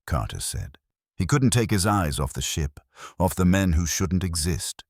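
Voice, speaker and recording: Very deep-voiced man narrating horror. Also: animated, dry recording, clean studio sound. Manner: grave, measured storytelling.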